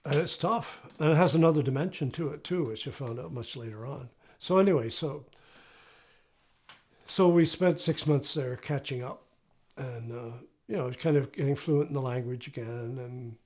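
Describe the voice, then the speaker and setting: Older man, interviewee, casual storytelling, mid-pitched voice. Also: normal speed, a little mellow. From Canada. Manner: casual, anecdotal, often asks "right?". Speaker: interviewee, retired anthropology professor.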